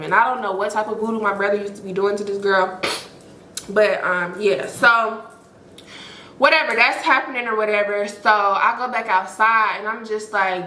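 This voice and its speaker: A woman hosting a storytime, telling a story in an animated, profane way and acting out what people said. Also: mid-range voice, normal speed, echoey room, slight background noise. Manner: animated, profane, acts out quoted lines. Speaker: storytime host. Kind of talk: casual storytelling.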